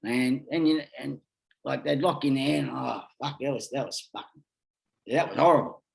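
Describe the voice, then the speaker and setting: This middle-aged Australian guest on a podcast talks at a normal speed in a creaky, medium-pitched voice. His storytelling is casual, rambling, and lively, with swearing throughout.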